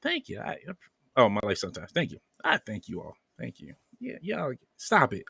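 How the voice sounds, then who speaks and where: A man's voice: on the low side, wildly swooping pitch, a little fast, gravelly, a bit bright, husky, no room sound, clean studio sound. A man hosting a podcast, casually reading viewer comments aloud with playful banter and frequent laughter. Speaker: podcast host.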